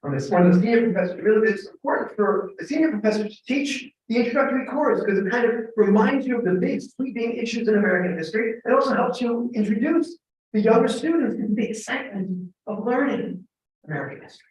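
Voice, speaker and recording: A middle-aged man, a professor giving a humorous storytelling talk, animated and joking with bursts of emphatic shouting. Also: sits high, fast talker. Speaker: guest lecturer, professor. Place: large echoing temple hall. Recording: echoey hall from far off.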